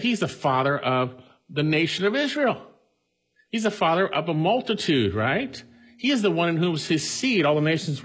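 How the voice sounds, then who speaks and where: A man's voice: on the high side, fairly bright tone, breathy edge, poor audio. A man preaching an expository sermon, emphatic, repeating key words for stress. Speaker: pastor.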